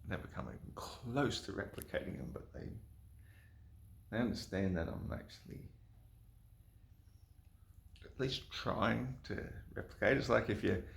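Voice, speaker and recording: A man's voice: on the low side, sing-song, a little slow, gravelly, pauses often, echoey room, slight background noise. A man vlogging casually outdoors, rambling and laid-back, swearing freely and often dropping to a murmur. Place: outdoors in nature.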